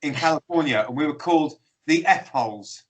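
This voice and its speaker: Animated British musician telling stories. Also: male voice, on the high side, fairly quick, poor audio. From Britain. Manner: animated anecdotes, laughs through stories. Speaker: musician guest. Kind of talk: casual storytelling interview.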